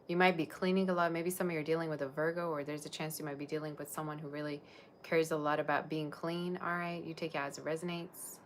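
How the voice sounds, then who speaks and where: Low-voiced chatty woman tarot reader. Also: little pitch movement, fast talker, a little hiss or hum. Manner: chatty, rambling, addresses viewers directly. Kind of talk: casual livestream chat.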